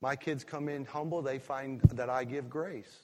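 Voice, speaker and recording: A male pastor preaching a sermon, drawing words out for emphasis and breaking into sudden loud rises. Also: medium pitch, fairly even intonation, normal speed, long reverb tail, background noise.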